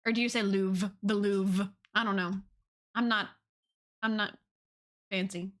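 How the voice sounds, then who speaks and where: A woman's voice: medium pitch, fairly even intonation, unhurried, a bit bright. A woman streamer chatting casually with her viewers, bubbly and giggly. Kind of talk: casual chat with viewers while drawing.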